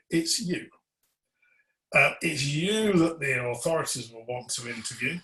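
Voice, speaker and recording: A man with a mid-range, slightly bright voice presents a webinar on electrical compliance. He's earnest and emphatic, firing pointed questions at his audience and cueing a colleague to change slides. The recording has a roomy echo.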